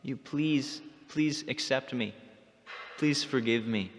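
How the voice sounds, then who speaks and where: A man's voice: mid-range voice, slow, a little hiss or hum, voice pushed up, close to an everyday voice. A man voicing a boastful young divine cowherd prince, in a long-reverb temple hall. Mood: pleading. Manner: bragging, later pleading.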